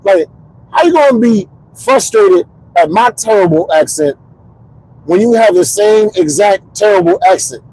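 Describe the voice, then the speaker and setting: A man's voice: sits high, normal speed, husky, low-quality recording. A man in his thirties from Connecticut, a comedian host rambling through a casual monologue from his car. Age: 30s. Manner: rambling, animated storytelling. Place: parked car.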